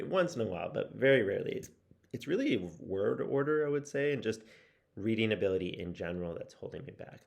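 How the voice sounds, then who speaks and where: A man's voice: fairly low pitch, gravelly. A man talking through a casual video update on his language study, rambling and musing with lots of restarts. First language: English. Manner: rambling, with many fillers and restarts; musing and self-reflective. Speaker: language-learning vlogger. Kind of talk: casual spoken progress update.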